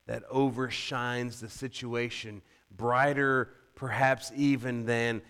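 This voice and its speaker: Male preacher, sermon delivery, slow and deliberate, crisp resonant tone, conversational and animated. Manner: animated, rising loud and high when quoting scripture; conversational asides, rhetorical questions.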